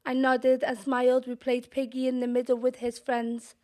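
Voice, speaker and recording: A young woman with a Scouse accent performing spoken-word poetry in a measured, deliberate way, sometimes dropping to a whisper. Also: high-pitched, completely flat delivery, mellow. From Liverpool, England. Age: young adult. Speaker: poet.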